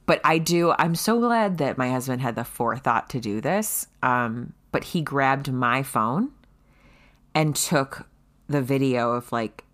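A woman telling a story in casual chat, animated and swearing freely, loudly acting out what people said. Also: extremely low pitch, a little slow. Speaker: guest telling her birth story.

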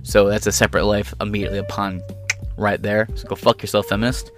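A man's voice: fairly low pitch, little pitch movement, quick pace, a bit bright, faint music behind. Profane, combative male ranter. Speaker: commentator. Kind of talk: ranting political commentary.

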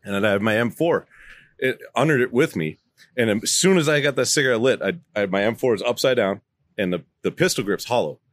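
A man's voice: medium pitch, fairly quick, no room sound. A man, a podcast co-host, telling a casual, swearing story to friends in a laid-back way.

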